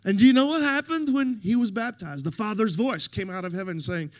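A middle-aged man preaching a sermon with a notably high voice. He delivers it in an animated way, checking in with his listeners as he goes. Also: fairly quick. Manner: animated preaching, addresses the congregation directly. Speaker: pastor.

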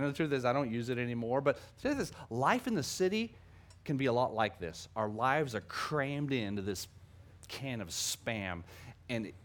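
Middle-aged male pastor, slightly higher voice, lively storytelling sermon, stumbles and restarts often. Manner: animated storytelling with many restarts.

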